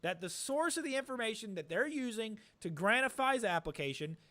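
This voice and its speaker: In a political commentary chat, this podcast co-host speaks in a high, very animated voice that is pushed and bright, at a fairly quick pace. He's emphatic and argumentative, frequently repeating words as he begins a point.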